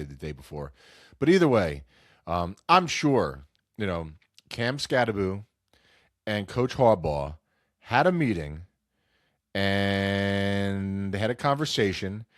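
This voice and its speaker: A man's voice: fairly low pitch, lively intonation, a little slow, no echo, clean studio sound. Stuffy-nosed man rambling about sports. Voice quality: nasal. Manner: rambling, self-interrupting, acts out quotes. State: stuffy nose from a cold. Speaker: sports podcast host. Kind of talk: casual solo sports talk.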